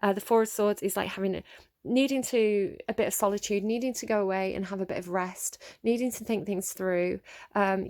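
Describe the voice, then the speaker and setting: A woman talks through a tarot reading at a middle pitch, in a casual, rambling way. She fills her talk with ums and sighs, and the recording is close and dry with no room sound. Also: dry recording. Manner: rambling, many fillers and sighs. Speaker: tarot reader.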